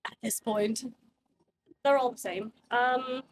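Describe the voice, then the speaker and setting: Woman GM, casual chatty narration, slow pace, a faint hiss behind her. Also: fairly high pitch, steady tone. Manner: casual, chatty and self-deprecating. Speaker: game master. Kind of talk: narrating a tabletop game.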